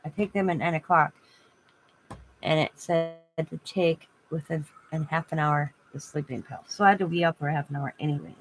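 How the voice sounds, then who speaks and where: Chatty woman with a slightly low voice. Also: moderate pace, low-quality recording. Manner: rambling and chatty, often laughing. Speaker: craft channel host. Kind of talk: casual livestream chat while crafting. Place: home craft room.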